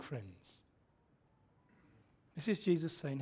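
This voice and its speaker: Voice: mid-range voice, animated, takes it slowly, darkish tone, slightly rough. A preacher giving a conversational sermon, asking the congregation questions and chuckling mid-sentence. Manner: conversational, quizzes the congregation, frequent rhetorical questions.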